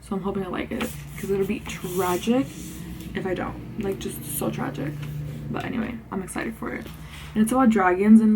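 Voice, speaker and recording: A young woman talks books in a bubbly, chatty way, a bit out of breath and full of fillers. Her voice sits at a middle pitch. Faint ambient noise hums behind her. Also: darkish tone, poor audio. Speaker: book vlogger. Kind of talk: casual chat. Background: faint ambient noise, passing car.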